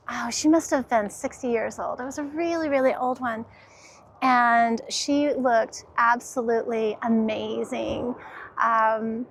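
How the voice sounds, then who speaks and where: A woman with a high, bright-toned voice strolls through an outdoor garden center, gushing over what she sees and laughing often. She talks at an easy, unhurried pace into a handheld camera. Faint outdoor ambience sits behind her. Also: slight background noise. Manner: gushing, enthusiastic, quick to laugh. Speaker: garden vlogger. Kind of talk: casual walk-through vlog.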